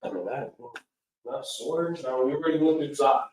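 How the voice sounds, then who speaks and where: A man teaching a lesson at the front of a classroom, talking casually and calling out words loudly for the class to repeat. He is heard from some distance, and the room's echo hangs around his voice. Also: mid-range voice, moderate pace, a little hiss or hum. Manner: casual, loud when giving each word to repeat. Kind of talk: classroom lesson, call and response. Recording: echoey room, far from the mic.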